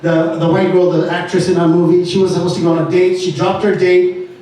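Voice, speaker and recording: High-voiced man telling a story in an echoey hall. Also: fairly quick, a little hiss or hum. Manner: animated storyteller acting out dialogue. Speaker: speaker at an entrepreneur meet-up. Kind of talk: animated storytelling talk. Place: event venue. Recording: echoey room from far off with faint ambience.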